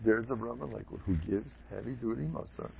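A man giving an informal Torah talk, animated and digressive, with chuckling asides, on a dull lo-fi recording. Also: medium pitch, fast talker, gravelly, a little hiss or hum. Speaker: religious lecturer.

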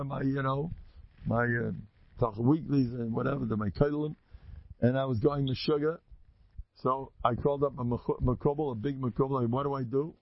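A man giving an informal, animated Torah talk, rambling and jumping high in pitch to stress his points. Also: dry recording, highs cut off. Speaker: Torah teacher.

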